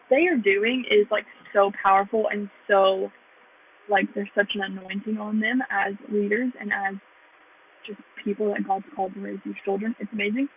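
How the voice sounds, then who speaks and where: A woman's voice: mid-range voice, slightly rough. A young American woman earnestly telling her faith testimony in a rambling way, full of "like". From United States. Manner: earnest, rambling, heavy use of "like". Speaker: vlogger sharing her testimony. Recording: tinny phone-like sound.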